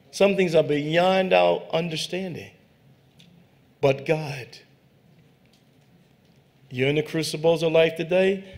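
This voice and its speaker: A man's voice: a little high, creaky, a little mellow. A man as a guest pastor preaching a sermon, fervent and emphatic with conversational asides. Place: church sanctuary.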